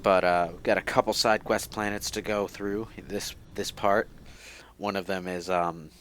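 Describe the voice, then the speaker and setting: Low-voiced rambling gaming commentator, man. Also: steady tone, normal speed, fairly bright tone, soft background music. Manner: rambling, many fillers and restarts. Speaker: let's play commentator.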